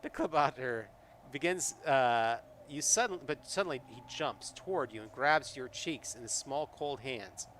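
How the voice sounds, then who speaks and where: A man's voice: medium pitch, unhurried, hardly any pauses, a bit bright, a little hiss or hum. A man streaming a live solo tabletop game, reading the adventure aloud and chatting with viewers in a rambling way, full of fillers and restarts.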